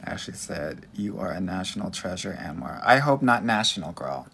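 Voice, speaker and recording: A man's voice: sits low, animated, moderate pace, gravelly, a bit bright, slightly rough. A man coaching on dating in a live Q&A, reading viewer comments aloud in a sassy, flamboyant way and calling listeners honey and girl. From United States.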